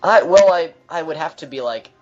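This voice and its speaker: A man commentating on his own video game playthrough, explaining mechanics in a steady, mildly dry way. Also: on the high side, moderate pace, muffled recording, soft background music. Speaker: gameplay commentator. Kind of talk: let's play commentary.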